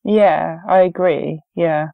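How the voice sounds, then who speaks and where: A woman's voice: deep voice, steady tone, slow, creaky, clean tone, no room sound, narrow, tinny audio. A woman co-hosting a podcast, chatting about films in an easygoing way with frequent ums. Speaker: podcast co-host. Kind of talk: casual film review chat.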